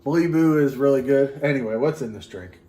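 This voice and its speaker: A man's voice: medium pitch, lively intonation, fairly quick, dark tone. Male co-host, joking rambler, echoey room with faint noise. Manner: joking, rambling, breaks into silly singing. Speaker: co-host mixing a drink. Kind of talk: casual chat.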